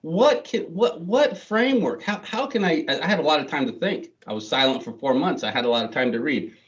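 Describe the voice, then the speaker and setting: A man's voice: medium pitch, lively intonation, quick pace, a bit bright. A middle-aged man giving a chatty, self-deprecating talk to an audience, with many fillers and restarts. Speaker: guest speaker. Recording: distant, dull lo-fi sound.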